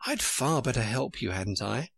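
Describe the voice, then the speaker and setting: A man voicing Alice, a curious and gentle young girl, in a soft, lightly raised voice. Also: mid-range voice, lively intonation, moderate pace, gravelly, husky, no room sound, exaggerated voice.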